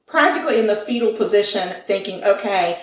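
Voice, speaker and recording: A woman's voice: medium pitch, unhurried, far from the mic. Woman, storyteller, casual chat, echoey room, a bit off mic. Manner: retells a ghost story with quoted inner thoughts.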